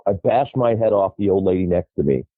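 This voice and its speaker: Husky, lively man on a tinny line. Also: sits low, brisk, no room sound. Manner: lively, profane, laughs through his stories. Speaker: podcast guest. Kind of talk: animated storytelling.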